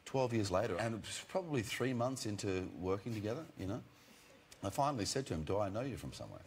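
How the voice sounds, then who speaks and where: A man's voice: fairly low pitch, lively intonation, fast. A man in his forties, an actor guest on a chat show, telling wry, jokey stories in a loose, casual way.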